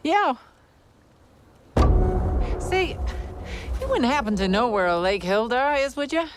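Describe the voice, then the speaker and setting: A woman's voice: fairly high pitch, sing-song, slow pace, noisy background. An actress playing a wary, stranded woman in a film, speaking with a Minnesotan accent in a folksy but guarded way. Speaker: film character. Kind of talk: film acting. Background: loud film score.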